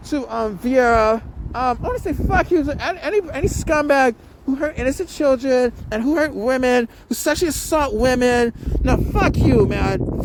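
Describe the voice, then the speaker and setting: A man's voice: very high voice, a little hiss or hum, poor audio. A man hosting his own podcast, delivering a heated, profane rant full of repeated phrases and stammering restarts. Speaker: podcast host.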